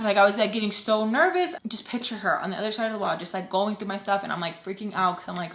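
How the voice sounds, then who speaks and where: A woman's voice: medium pitch, a bit bright. Ranting young woman, echoey room. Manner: fast casual rant with constant fillers. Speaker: vlogger. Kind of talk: storytime vlog.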